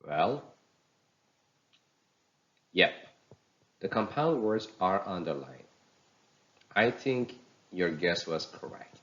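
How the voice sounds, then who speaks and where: A man teaching pronunciation in a recorded lesson, speaking slowly and deliberately and spelling words letter by letter. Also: low voice, big pitch swings, a bit bright, lo-fi sound.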